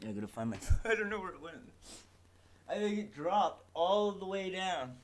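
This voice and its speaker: A young man with a high, expressive voice streams his game development at a normal pace, ranting casually at his software as he struggles with it. Exasperated, he swears constantly and fills his talk with "like" and "man" in this laid-back livestream commentary.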